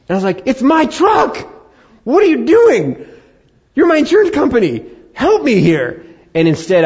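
A man preaching a sermon as a pastor, telling a personal story with animated acted-out asides. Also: medium pitch, highs cut off.

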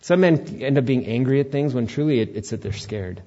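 A man's voice: medium pitch, lively intonation, fairly quick, mellow. A male pastor giving a conversational sermon to his church, with joking asides to the congregation. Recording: dull lo-fi recording.

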